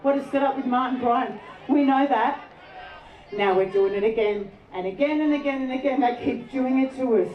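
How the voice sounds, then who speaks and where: A woman giving an impassioned, preaching rally speech, often shouting her lines. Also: sits high, normal speed, some chatter behind. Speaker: rally speaker. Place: outdoor rally over loudspeakers. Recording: echoey distant lo-fi rally sound.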